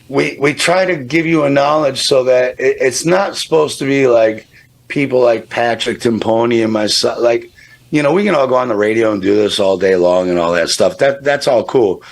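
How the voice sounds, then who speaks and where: A man talking as a guest on a radio show, emphatic and blunt, swearing freely in casual chat. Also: medium pitch.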